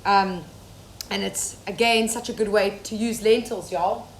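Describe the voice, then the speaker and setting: Speaking a little slowly at a medium pitch, a young Zimbabwean woman who works as a safari cook hosts a live cooking demo from her home kitchen. She chats casually and welcomes viewers by name, with the room's echo and faint background noise audible.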